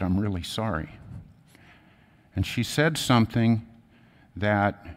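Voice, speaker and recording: Earnest man preaching in an echoing church. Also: fairly low pitch. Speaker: lay preacher. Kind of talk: sermon with a read-aloud story.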